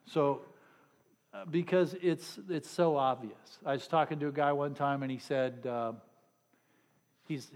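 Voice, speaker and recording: Middle-aged male preacher, chatty and sarcastic, live in a hall with long echo. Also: mid-range voice. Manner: conversational, joking, sarcastic asides to the congregation. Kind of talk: sermon.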